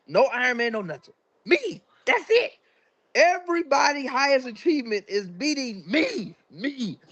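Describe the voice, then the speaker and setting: A man's voice: very high voice, fairly bright tone, highs cut off. A man on a wrestling panel boasting in cocky, swearing trash talk.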